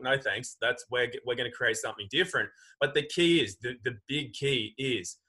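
A man's voice: medium pitch, sharp tone, husky, rough recording. A man in casual conversation, talking animatedly and acting out quoted voices.

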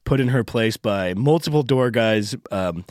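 A man telling door staff stories in a casual studio chat, loudly acting out his own yelling. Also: measured pace, no echo. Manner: animated, acts out loud yelling in high pitch when quoting himself. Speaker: comedy club door staff, podcast regular. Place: podcast studio.

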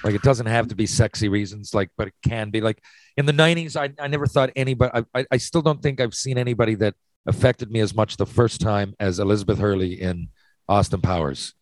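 A man's voice: on the low side, quick pace, no room sound, rough recording. A man hosting a casual chat, posing hypothetical questions with lots of restarts and swearing. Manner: rambling, restarts, profane. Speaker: podcast host.

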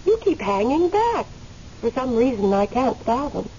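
An actress playing the spirit of a dead woman who waits in limbo, speaking in a gently teasing, unhurried way in a radio drama. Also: fairly high pitch, very animated. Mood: calm, teasing. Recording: muffled radio recording, faint hiss.

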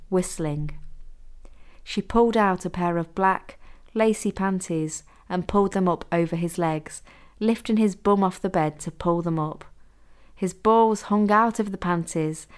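Woman author-narrator, lowish voice, steady audiobook read. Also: smooth. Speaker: author reading her own story.

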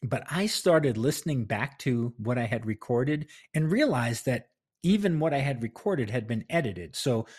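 Man, podcast host, husky voice, chatty, self-deprecating, home office, close mic. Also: medium pitch, lively intonation, normal speed, a little mellow. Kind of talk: casual solo podcast talk.

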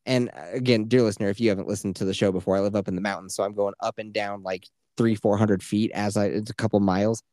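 A man's voice: fairly low pitch, steady tone, quick pace, few pauses, mellow, no room sound. A man co-hosting a podcast in casual chat, rambling through stories, swearing freely and laughing at his own jokes. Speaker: podcast co-host.

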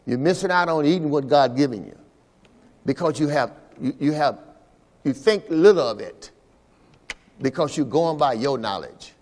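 A man's voice: fairly high pitch, expressive, normal speed, long pauses, a little mellow, long reverb tail. A man, the pastor, preaching a sermon at a church service and calling for responses from the congregation. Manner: call-and-response preaching, repeating "all right" to the congregation.

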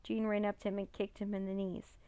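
A woman narrating a children's chapter book in a steady, plain reading voice on a close mic. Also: mid-range voice, a little fast, clear, resonant tone, no room sound, lo-fi sound. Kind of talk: storybook read-aloud.

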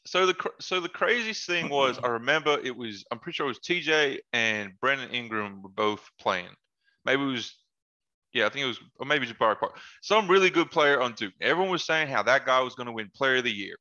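A former basketball player guesting on a podcast tells relaxed stories in a bright, forceful, medium-pitched voice at a brisk pace, laughing often and tossing in slangy asides, as if among old friends. The audio is dull and lo-fi.

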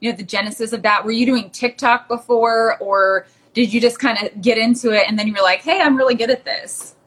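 A woman host with a slightly high, bright voice and a husky edge. She interviews in an upbeat, friendly chatty way, laughing easily. It sounds like a video call. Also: steady tone, fairly quick. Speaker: podcast host. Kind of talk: casual interview chat.

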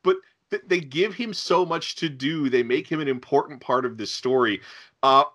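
A man's voice: mid-range voice, normal speed, a bit bright. A man co-hosting a podcast, talking earnestly and with enthusiasm, often stammering as he starts his sentences. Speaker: podcast co-host. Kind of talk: casual chat.

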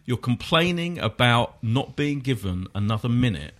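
Opinionated man hosting a football chat. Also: mid-range voice. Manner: animated, opinionated, quick asides. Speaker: podcast host.

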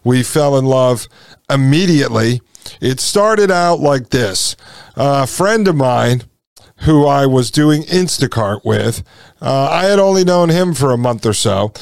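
A podcast host in his forties rambles through a personal story and talks to his listeners as folks. His voice is smooth and clear at a middle pitch. The recording is dry, with no room echo. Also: expressive, a little slow. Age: 40s. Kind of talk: casual storytelling monologue.

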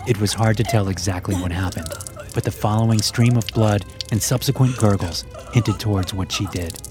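Man, horror story narrator, lowish voice, steady delivery, loud music bed.

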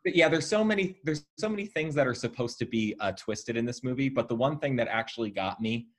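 A man co-hosting a film podcast, talking casually and haltingly, with many ums, about scenes he liked. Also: medium pitch, expressive. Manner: hesitant, many ums, appreciative. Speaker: podcast co-host.

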